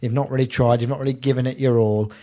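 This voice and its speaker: A man's voice: mid-range voice, steady tone, quick pace, warm tone. A man hosting a casual podcast, explaining the game rules and teasing his co-hosts. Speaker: podcast host.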